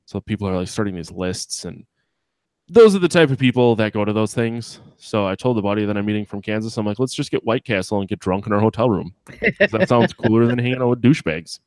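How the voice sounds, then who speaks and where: A man from Wisconsin with a Wisconsin accent hosts a casual podcast chat. He talks in a low voice, full of profanity and rambling asides. The sound is dry and close. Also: expressive, fast, dry recording. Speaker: podcast host.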